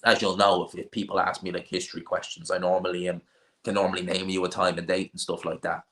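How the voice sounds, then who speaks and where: A man's voice: low-pitched, little pitch movement, fast, a bit bright. Blunt, opinionated man. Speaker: boxing channel host. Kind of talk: casual live stream chat.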